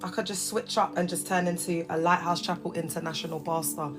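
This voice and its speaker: A British woman hosting a casual livestream chat, talking in lively slang and laughing often. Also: lowish voice, brisk, over music. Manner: chatty and animated, laughs often, heavy slang. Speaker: livestream host.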